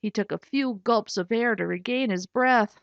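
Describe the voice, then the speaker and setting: A woman's voice: fairly high pitch, normal speed, creaky, no room sound. A woman author reading her own children's storybook aloud, telling it with expression and giving voices to the characters. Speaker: author and narrator. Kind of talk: scripted audiobook narration. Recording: dull lo-fi recording.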